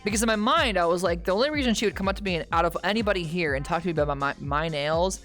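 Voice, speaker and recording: A woman's voice: on the low side, rapid-fire. Rambling storyteller woman with faint music. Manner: rambling, animated storytelling with frequent "okay?" asides; bursts into loud shouting at punchlines. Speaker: streamer. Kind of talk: storytelling stream chat.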